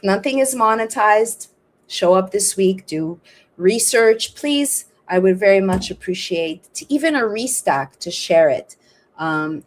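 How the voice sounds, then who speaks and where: A woman's voice: mid-range voice, darkish tone. A woman podcast host closing her show, talking in a rambling, frustrated way with many restarts. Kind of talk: casual show sign-off and appeal.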